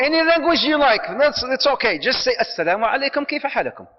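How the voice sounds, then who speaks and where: Male preacher, animated and jokey, high voice, dull recording in an echoey hall. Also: fast talker, hardly any pauses. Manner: animated, jokey, mixes in Arabic phrases. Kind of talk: lecture on marriage to an audience.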